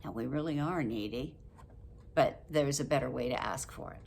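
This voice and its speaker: An older woman talking casually to camera about a book, chatty and quick to laugh, acting out example phrases. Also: a bass voice, gravelly, a little mellow, slight background noise. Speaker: book review vlogger.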